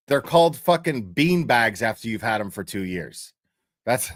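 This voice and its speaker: A man's voice: medium pitch, a bit bright, no echo. A man talks loosely to his chat in a mid-range voice, crude and joking, laughing at his own lines. The sound is dry and close to the mic. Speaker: streamer talking to chat. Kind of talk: casual livestream chat.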